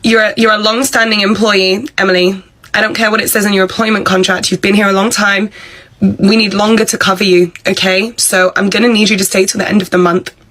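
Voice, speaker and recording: A woman's voice: medium pitch, little pitch movement, a little fast, fairly bright tone, close to an everyday voice. A woman voicing a bossy, entitled female pub manager who talks down to her staff. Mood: condescending. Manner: pushy, condescending, self-important.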